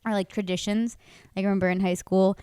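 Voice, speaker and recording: A woman's voice: medium pitch, fairly even intonation, quick pace, mellow, clean tone, no room sound, clean studio sound. Chatty young woman telling school stories. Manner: chatty storyteller, lots of fillers, swearing. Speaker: podcast co-host. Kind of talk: casual chat.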